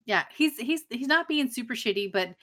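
Woman casually recapping, deadpan quotes. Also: a little high, brisk. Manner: swears freely, drops into flat deadpan when quoting. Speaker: podcast co-host. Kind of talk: casual chat recapping an episode.

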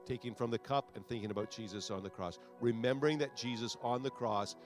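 A man's voice: medium pitch, fairly quick, faint music behind. A man preaching as a pastor, with a repetitive, exhorting cadence that builds toward fervent prayer. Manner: rising to loud fervent prayer. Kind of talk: sermon altar call and prayer.

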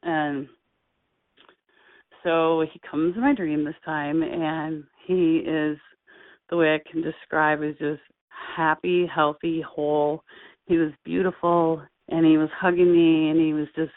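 A middle-aged woman, an interview guest, telling a personal story in a halting, heartfelt way with many fillers and restarts. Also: low voice, little pitch movement. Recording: tinny phone-line sound with faint music.

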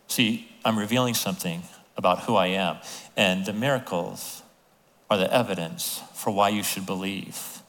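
A man preaching a sermon as a pastor, telling the story with lively acted-out voices of the people in it. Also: low-pitched, moderate pace. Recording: long hall reverb.

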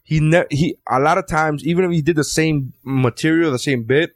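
A man's voice: on the high side, moderate pace, creaky, dry recording, studio quality. A man who is a stand-up comedian, chatting casually in a rambling, profane way and often restarting his sentences. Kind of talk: casual chat.

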